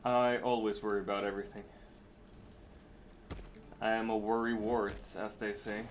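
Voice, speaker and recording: A man streaming live, chatting casually, excitable, laughing and swearing freely. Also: on the low side, normal speed, a little hiss or hum.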